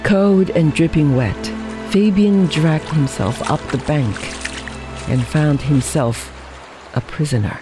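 A narrator reading a story aloud in a slow, measured way. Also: medium pitch, over music, low-quality recording. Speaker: audiobook reader.

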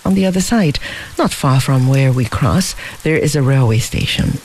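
Reader playing a genial well-off young gent, brisk, animated pitch. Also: slight background noise, close to an everyday voice, poor audio. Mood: earnest. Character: well-off young man, teasing then remorseful.

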